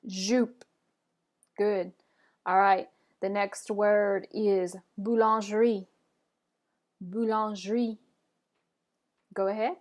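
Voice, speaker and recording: A French teacher with a mid-range, level voice leads a pronunciation lesson, patient and encouraging. She says each example slowly and clearly, then invites her students to try it.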